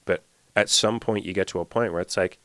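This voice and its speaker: A man's voice: low-pitched, fairly even intonation, a little fast, fairly bright tone, no echo. A young man hosting a candid solo podcast as a dating and self-improvement coach, talking bluntly, swearing often and repeating himself for emphasis.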